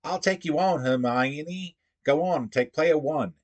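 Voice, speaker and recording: A man's voice: on the high side, takes it slowly, lo-fi sound, voice pushed up. Ron, a man doing a put-on British boy. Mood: playful. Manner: sing-song rhyming verse reading. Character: playful young wizard, teen boy.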